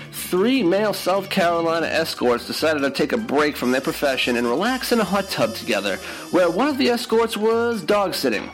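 A man's voice: medium pitch, rough recording. A man reading a scripted comedic news segment with wry, mocking punchlines.

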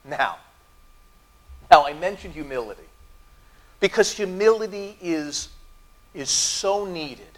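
A middle-aged male pastor preaching to his congregation in a church. His voice sits high for a man and swings widely in pitch, rising and falling with emphasis as he tells stories and puts questions to the room. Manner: lively storytelling with audience asides. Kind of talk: sermon. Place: church sanctuary.

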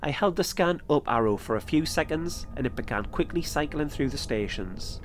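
A man telling a first-person ghost-hunting story as podcast host, in a measured, steady delivery. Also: on the high side, soft background music.

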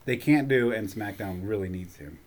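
An opinionated, animated man chatting casually about wrestling, laughing often. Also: fairly low pitch, moderate pace.

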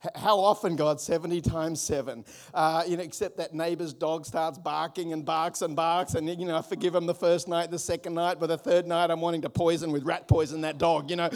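A man's voice: fairly high pitch, a little fast, hardly any pauses. A male pastor with an Australian accent preaching a sermon in a church, emphatic and repeating refrains, with joking asides. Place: church auditorium.

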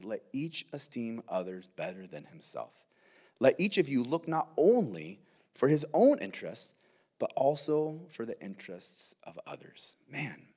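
A man's voice: mid-range voice, darkish tone. A male pastor giving a verse-by-verse sermon, earnest and conversational, often saying "man" and asking "right?".

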